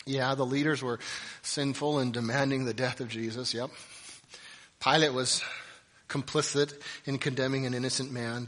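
A male pastor delivering a sermon, swinging between loud, emphatic passages and quiet, reflective ones. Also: mid-range voice, long reverb tail.

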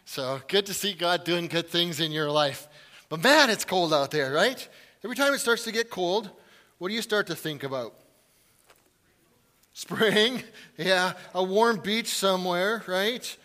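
A man's voice: high voice, lively intonation, a little slow, pushed and bright. A male pastor preaching a humorous sermon, telling stories in a chatty, self-deprecating way with frequent "right?" asides.

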